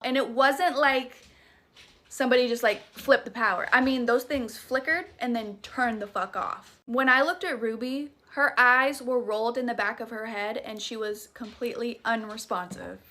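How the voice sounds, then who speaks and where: Young southern woman spilling a creepy story, swears a lot, sharp bright voice. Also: fairly high pitch, normal speed. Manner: dramatic, profane, chatty. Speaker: storytime creator. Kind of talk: casual horror storytelling.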